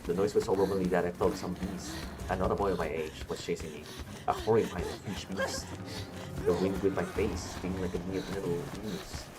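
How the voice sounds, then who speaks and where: Over background game music, a streamer with a deep, steady voice reads the in-game dialogue a bit quickly. He talks back to the characters, cracking jokes and cursing.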